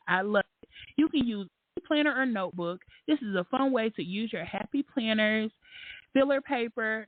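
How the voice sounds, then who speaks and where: A woman chatting loosely on her call-in show, her pitch jumping up and down as she goes. She is slangy and blunt and swears without a second thought. The sound is dry and thin, like it comes over a phone line. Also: dry recording. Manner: slangy, animated and candid, swears freely. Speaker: podcast host. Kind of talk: casual call-in show chat.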